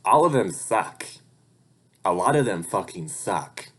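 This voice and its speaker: A young vlogger and hobby voice actor speaks in a low, slightly bright voice with a breathy edge, taking his time but swinging widely in pitch. His casual life-update rant rambles, full of swearing, and gets heated when he vents.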